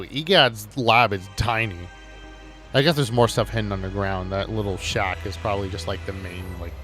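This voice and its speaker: A man's voice: lowish voice, fairly bright tone. A man casually commenting on a video game he is playing, chatty and rambling. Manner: chatty, rambling, with many fillers and restarts. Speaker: let's play host.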